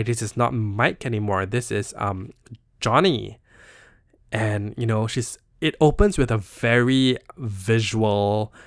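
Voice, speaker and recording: A man's voice: mid-range voice, vocal fry, dry recording, clean studio sound. A young Singaporean man hosting a podcast, casually unpacking a poetry book in a chatty, playful way, full of "you know" and "like". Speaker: podcast host. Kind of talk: casual solo literary analysis.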